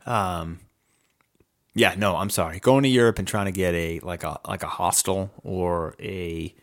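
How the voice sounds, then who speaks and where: Man, lowish voice, crude casual banter, swears a lot, jokey. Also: unhurried. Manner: joking, swears freely, puts on silly voices. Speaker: podcast co-host.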